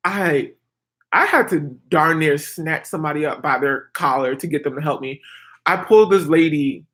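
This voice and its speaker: A woman in her twenties, a vlogger, casually telling a story to her viewers in an animated, chatty way, full of "like" and "girl". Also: sits low. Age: 20s.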